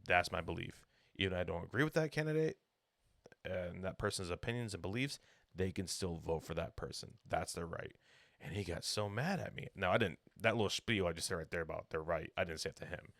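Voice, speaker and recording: A young man tells a rambling, jokey story in casual podcast banter. His voice sits low and gravelly. The sound is dry and close. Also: lively intonation, brisk, fairly bright tone, dry recording. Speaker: podcast co-host.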